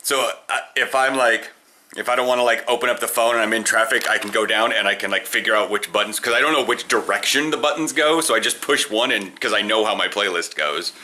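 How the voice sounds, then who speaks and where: A man's voice: lowish voice, fast, sharp tone, a little hiss or hum. A young man chatting casually in a car while vlogging, rambling with restarts and laughs. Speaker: vlogger, football player. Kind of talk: casual chat. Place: in a car, then outdoors.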